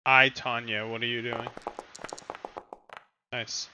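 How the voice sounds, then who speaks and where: A man's voice: medium pitch, level tone, slow pace, pushed and bright, a little hiss or hum. A man playing an online tabletop game, friendly and describing his character's actions. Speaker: player. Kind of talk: casual game chat. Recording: slightly dull voice-call audio.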